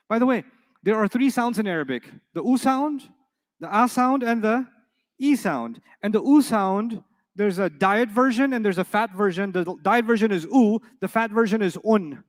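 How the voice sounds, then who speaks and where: A man teaching an Arabic grammar class in a classroom, playful and animated, quizzing his students with quick questions. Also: high voice. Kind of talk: classroom lecture.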